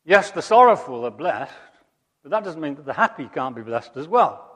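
A man preaching a sermon, emphatic, rising to loud high peaks and dropping to quiet asides. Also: big pitch swings, moderate pace. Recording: long hall reverb.

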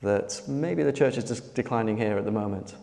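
A man preaching a sermon in an earnest way, slightly hoarse after losing his voice, pausing often with fillers. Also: lowish voice, mellow, in a large hall.

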